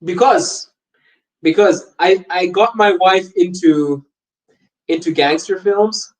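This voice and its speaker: Young male podcast host with a slightly higher voice, loose and animated, laughs easily while reading chat. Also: takes it slowly, rough recording. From Botswana. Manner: laughs often, animated and jokey. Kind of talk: casual live-stream chat.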